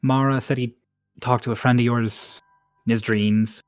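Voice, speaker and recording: A blunt, easygoing Cockney woman, voiced by a man running a tabletop game, tosses off her story in clipped street slang. Her voice sits a touch high and lively over faint background music, recorded dry and close. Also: moderate pace, dry recording, natural voice. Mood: offhand.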